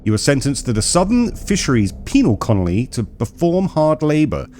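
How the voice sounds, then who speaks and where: A man voicing a gruff male prison officer in a put-on Australian accent, drawling through official paperwork. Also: fairly high pitch, sing-song, moderate pace, a little mellow, slight background noise, voice pushed up. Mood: brusque official.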